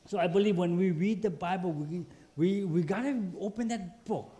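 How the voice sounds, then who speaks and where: Male preacher, high-pitched, lively storytelling sermon delivery. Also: normal speed, hardly any pauses. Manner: animated, acts out quoted voices. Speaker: pastor.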